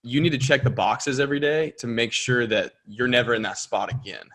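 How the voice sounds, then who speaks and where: A young man, a baseball pitcher co-hosting, talking earnestly and reflectively in casual chat. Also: brisk, fairly bright tone. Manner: reflective, earnest, builds energy when making a point.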